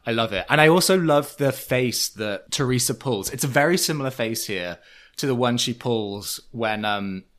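Animated young male podcast host. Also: mid-range voice, normal speed. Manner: animated, jokey, acts out quotes. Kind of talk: casual chat.

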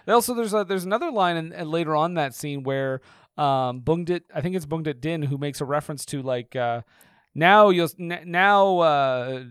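A man's voice: a little high, a bit bright, clear, resonant tone, no room sound, clean studio sound. A man co-hosting a podcast, chatting casually about an old film and correcting himself as he laughs. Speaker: podcast co-host. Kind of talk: casual film review chat.

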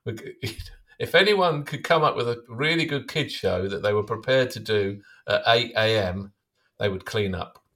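A man's voice: lowish voice, moderate pace, a bit bright. A middle-aged man who is a comedian hosting, chatting casually with wry, dry quips. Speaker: comedian host. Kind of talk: casual chat.

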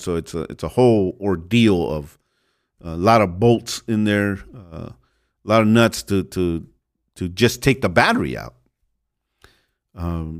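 A man hosting a show, telling a rambling everyday story that turns into a sermon, often restarting his sentences and calling listeners "folks". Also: sits low. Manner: rambling, self-interrupting, chuckles, addresses listeners as folks. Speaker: podcast host preaching.

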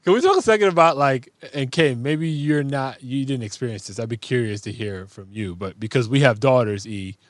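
A man's voice: fairly quick, few pauses, no echo. A man hosting a casual podcast, drawing out his guests with questions and swearing freely. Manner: conversational, drops to a low mutter, swears casually. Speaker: podcast host. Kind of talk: casual chat.

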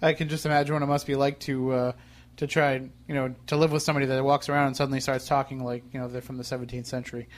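A man's voice: medium pitch, flat delivery, racing. A middle-aged man hosting a radio show, chatty and joking, asking long rambling questions. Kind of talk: casual interview.

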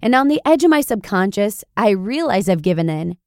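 A woman podcast host reading a blog post aloud in an expressive, animated storytelling manner. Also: mid-range voice, fairly quick, no room sound, studio quality.

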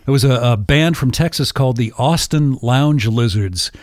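A male podcast host telling a story casually, animated and often laughing. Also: mid-range voice, moderate pace, no echo, studio quality.

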